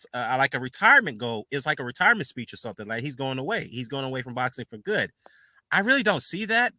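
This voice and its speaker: A man's voice: mid-range voice, pushed and bright, dry recording. A man giving his own casual boxing commentary, emphatic and blunt, swearing freely and using slang. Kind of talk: casual opinion monologue.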